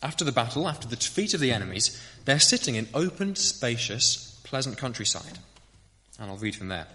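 A man's voice: mid-range voice, big pitch swings, brisk, bright, forceful tone, big-room sound. A man preaching a sermon in a church, earnest and reflective, asking rhetorical questions.

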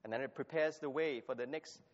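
A man's voice: mid-range voice, a little fast. A man preaching a sermon and reading scripture aloud, stressing key phrases by repeating them. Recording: long hall reverb, dull lo-fi sound.

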